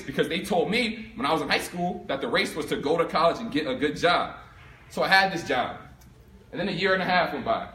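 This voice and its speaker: A young man from Philadelphia giving a storytelling talk to a live audience, animated and acting out both sides of his story. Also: on the high side, a little fast. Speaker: speaker giving a talk on income. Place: room with an audience. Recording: echoey room.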